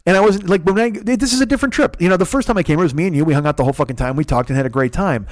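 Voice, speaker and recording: A podcast host in his forties tells a rambling, profane, self-mocking comic story solo into a close mic. His voice is high and rapid-fire, and the recording sounds dry.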